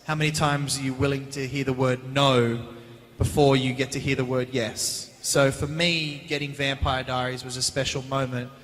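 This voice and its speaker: A man, answering fan questions as a guest actor on a convention panel, chatty and animated, recorded on a handheld mic in a large hall. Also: mid-range voice, normal speed. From Australia. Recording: reverberant hall.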